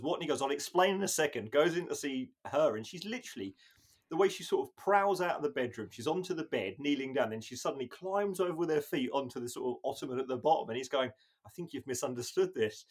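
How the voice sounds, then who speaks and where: A man's voice: fairly high pitch, fast. A man co-hosting a podcast, chatting casually and laughing as he quotes lines. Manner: animated, laughs while acting out lines. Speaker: podcast co-host. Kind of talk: casual chat.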